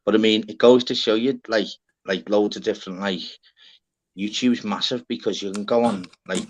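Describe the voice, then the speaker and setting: A man's voice: on the low side, steady tone, moderate pace, muffled recording, very noisy. A man hosting a casual livestream chat, rambling and swearing, full of restarts and fillers. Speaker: livestream host.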